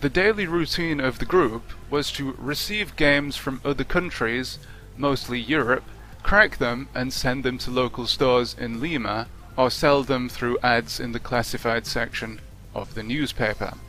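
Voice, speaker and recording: Man, unscripted game review narration, wry and chatty, bright voice, faint music underneath. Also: medium pitch, a little slow. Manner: wry, conversational.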